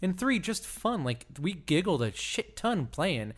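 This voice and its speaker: A man's voice: a little high, unhurried. A man co-hosting a podcast in casual chat, thoughtful with playful jokes. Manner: thoughtful, joking, animated. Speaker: podcast co-host.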